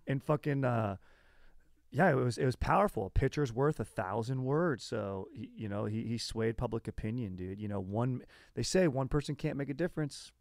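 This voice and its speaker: Male podcast host, feeling sick, gravelly fry, dry close mic, easygoing banter. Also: mid-range voice, lively intonation, moderate pace, a little mellow, no echo. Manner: laid-back, says "dude" a lot. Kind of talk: casual chat.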